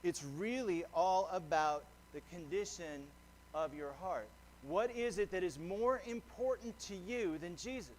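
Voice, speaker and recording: A man's voice: high voice, animated, measured pace, darkish tone, slight background noise. A man preaching a sermon as pastor, earnest and conversational, often restarting a phrase. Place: church sanctuary.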